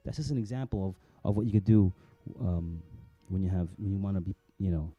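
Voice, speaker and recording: A man's voice: low-pitched, a little fast, few pauses, dark tone, husky, no room sound, faint music behind. A middle-aged man from New Jersey hosting a vlog, chatty and self-mocking, rambling with many restarts. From New Jersey, USA. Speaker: vlog host. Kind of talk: casual rambling vlog talk.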